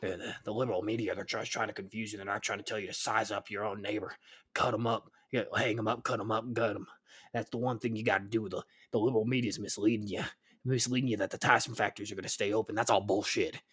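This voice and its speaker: A man doing a comic impression of a paranoid middle-aged conspiracy pundit, ranting in a gruff, stammering, urgent way. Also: fairly low pitch, fairly even intonation, quick pace, a bit bright, voice pushed down.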